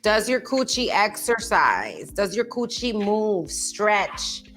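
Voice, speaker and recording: A woman's voice: medium pitch, sing-song, slow, a bit bright, slight background noise. A woman in her thirties co-hosting a casual chat, candid and profane, with lots of fillers and emphatic asides. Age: 30s. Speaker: podcast co-host.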